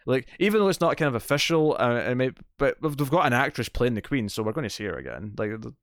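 A man's voice: medium pitch, no room sound, studio quality. Opinionated British man in casual chat. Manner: animated, opinionated, quick to joke. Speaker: podcast co-host.

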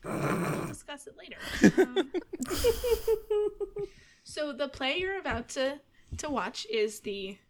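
A woman's voice: sits high, big pitch swings, slow, long pauses. Woman, game master, casual narration, chatty, filler words. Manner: chatty, with many fillers and laughter.

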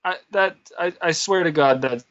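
A wrestler and musician appears as a podcast guest, his voice fairly high and fairly bright at a moderate pace. The recording is dry with the highs cut off. In this casual interview he tells a rambling, self-deprecating story full of fillers.

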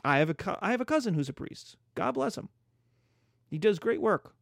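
A man giving a casual history lecture, animated and jokey, acting out quotes as he goes. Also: high-pitched, brisk, gravelly, no room sound, studio quality. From United States.

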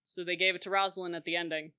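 Woman co-host, bright and lively, casual recap, laughs easily, does the quotes. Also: on the low side, racing, smooth. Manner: animated, laughs often, acts out quoted lines. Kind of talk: casual chat recapping a film.

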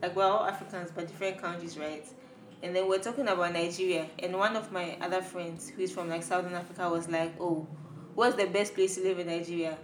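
A woman's voice: fairly low pitch, fairly quick, slight background noise. A young woman, co-hosting a casual podcast chat in a playful, sassy way. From Ghana. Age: young adult. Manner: playful, sassy, animated when joking. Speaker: podcast co-host. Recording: roomy room echo.

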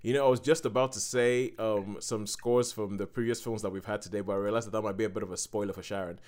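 A man's voice: lowish voice, steady tone, fast, a little mellow. A man hosting a casual podcast, upbeat and steering the segments. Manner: upbeat, moves segments along. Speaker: podcast host.

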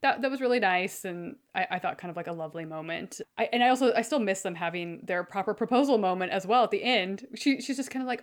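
A woman in casual conversation who talks animatedly, acting out quoted lines with big jumps in pitch. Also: fast, hardly any pauses. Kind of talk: casual chat.

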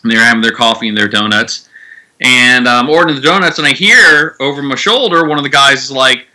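A man with a strikingly bright, sharp tone at a middle pitch, telling an anecdote on a podcast. He pauses and fills gaps as he talks. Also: expressive, low-quality recording. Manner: halting, casual anecdote telling. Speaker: podcast guest. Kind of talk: casual storytelling.

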